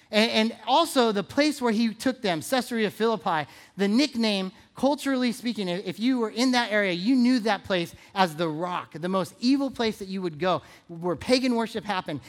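A pastor giving a casual, playful sermon in a church, talking like a friend across the table. This preacher teases the crowd with questions and hammers home key lines by saying them twice. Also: mid-range voice. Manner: conversational, playful, asks the audience questions; repeats phrases for emphasis.

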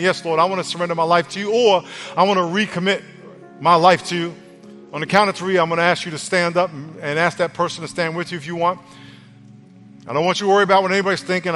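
A man's voice: high voice, sharp tone. A male pastor preaching a sermon and leading an altar call in an earnest, conversational way. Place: church auditorium. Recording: long church reverb, faint music.

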